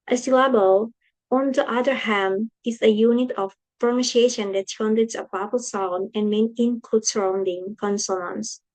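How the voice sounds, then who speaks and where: A woman's voice: on the high side, a little mellow, low-quality recording. A young woman with an Indonesian accent, whose first language is Indonesian, reading a class presentation aloud carefully, with slips and restarts. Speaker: student presenting coursework.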